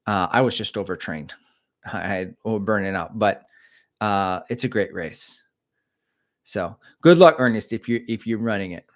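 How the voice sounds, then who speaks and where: On his casual livestream, a middle-aged host reads out comments from viewers and rambles along, often poking fun at himself. His voice is on the low side.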